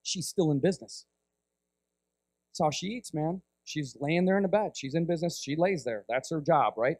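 A man's voice: fairly high pitch, normal speed, dry recording. A man preaching as a guest speaker, telling a vivid story, acting out voices and checking in with "right?" often. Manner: animated storyteller, acts out voices, frequent "right?". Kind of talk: storytelling sermon.

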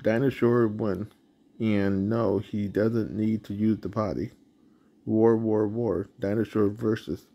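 A man's voice: lowish voice, fairly even intonation, a little slow, creaky, warm tone, lo-fi sound. A man hosting his channel, reading a picture book aloud with roaring sound effects. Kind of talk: storybook read-aloud.

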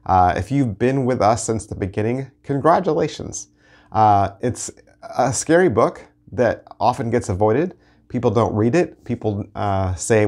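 A low-voiced pastor teaching an online Bible study. He keeps it conversational and upbeat, tossing in playful asides as he explains the passage. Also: expressive, measured pace, darkish tone. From Texas.

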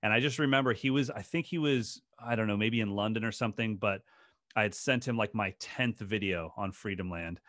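A man's voice: on the low side, a little fast, fairly bright tone, dry recording, clean studio sound. A man who is a drum teacher, telling stories in a casual podcast interview in an earnest, passionate way with many restarts. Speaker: guest drum educator.

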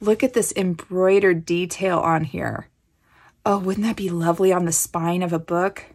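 This crafting channel host from Kansas speaks on the low side, with a darkish, steady tone and a moderate pace. Even so, she's gushing and effusive as she unpacks a gift package, full of breathy exclamations and thanks in a casual show-and-tell.

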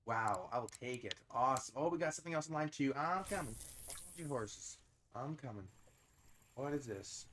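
A gaming channel host with a Canadian accent chats casually over a fishing video game, often breaking into surprised exclamations. His mid-range voice is expressive and a bit bright at a moderate pace, with a little hiss or hum in the recording.

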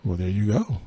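A man's voice: fairly low pitch, mellow, breathy edge, no echo. A man hosting a podcast, reading entertainment news aloud and adding dry, sarcastic asides. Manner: reads quotes then adds dry sarcastic asides and laughs. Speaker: podcast host.

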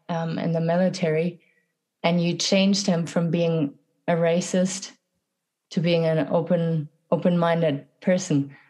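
A woman hosting a podcast, asking her guest questions in a gentle, encouraging way with some hesitation. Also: fairly low pitch. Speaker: podcast host. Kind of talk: interview questions.

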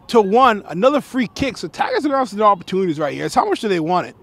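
Excitable high-pitched gravelly commentator man. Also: rapid-fire. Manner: excitable, shouts on big plays, repeats himself. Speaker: sports commentator. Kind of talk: play-by-play commentary. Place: outdoors at a soccer field.

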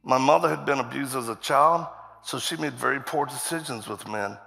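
A man as guest preacher, telling his story in a sermon with a lively, laughing manner. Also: medium pitch, normal speed, vocal fry. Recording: reverberant church hall.

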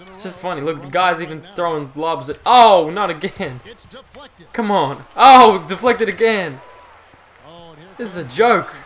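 Frustrated and foul-mouthed, the young commentator narrates his own basketball game at a moderate speed. One moment he's yelling, the next he's muttering under his breath.

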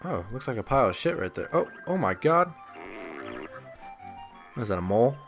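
Faint music sits behind a man whose mid-range voice is sing-song and a bit bright, at a moderate pace. He gives joking, crude let's-play commentary, teasing the characters and laughing at his own gameplay.

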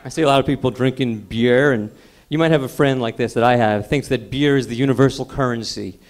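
A middle-aged man doing open-mic stand-up comedy with a deadpan, exasperated observational delivery. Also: mid-range voice, a little fast. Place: comedy club stage. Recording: echoey club recording from a distance. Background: audience laughter.

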